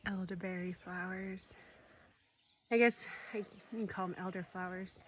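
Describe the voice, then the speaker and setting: A woman giving a casual tour of her home garden, gushing with excitement and often dropping to a soft whisper. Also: medium pitch, normal speed, slight background noise. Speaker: homestead vlogger.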